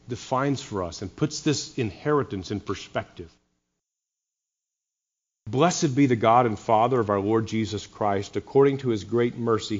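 A man's voice: lowish voice, lo-fi sound. A man preaching a sermon, earnest, with wry sarcastic asides to his congregation. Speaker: pastor.

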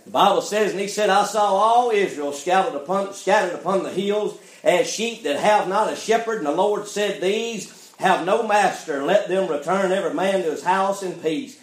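A preacher with a high, ringing voice delivers a fiery sermon. He keeps turning to the congregation with "friend" and quick questions, and his voice echoes through the church. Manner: preaching with call-and-response, repeats "friend" and "why?". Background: congregation calling amen.

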